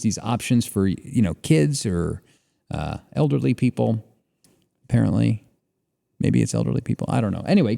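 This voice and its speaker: A man co-hosting a podcast, reading sponsor spots and joking in a relaxed way with fillers. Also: medium pitch, creaky, long reverb tail. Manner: lively, joking, drawls ad reads with fillers. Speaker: podcast co-host. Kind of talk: casual chat and read ads.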